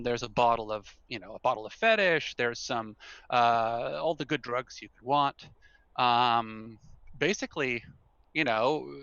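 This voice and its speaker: A man's voice: medium pitch, a bit bright, no room sound, lo-fi sound. A man narrating as game master in a rambling way, full of fillers and frequent laughter.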